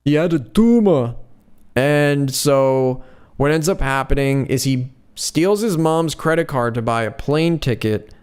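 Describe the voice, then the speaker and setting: A man's voice: medium pitch, unhurried, a little mellow, clear, resonant tone. A man hosting a podcast, telling a story in a casual, rambling, profane way. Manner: rambling, profane, lots of "like" fillers. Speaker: podcast host.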